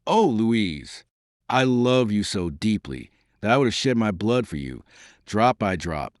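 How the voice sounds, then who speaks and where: A man's voice: on the low side, big pitch swings, measured pace, no echo, studio quality. A man voicing a heartbroken young nobleman who speaks with grave, earnest dignity in an audiobook.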